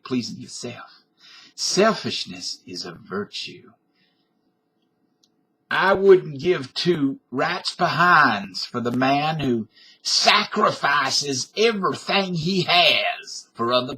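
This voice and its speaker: A man's voice: medium pitch, expressive, slow pace, bright, forceful tone, breathy edge. A middle-aged man from Canada giving a defiant, blustering comic rant to his webcam, tough-talking and profane. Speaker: vlogger. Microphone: webcam microphone.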